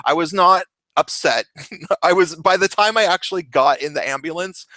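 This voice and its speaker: A young man telling a story in a casual, animated way, laughing often and swearing. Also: on the high side, moderate pace, dry recording. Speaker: vlogger.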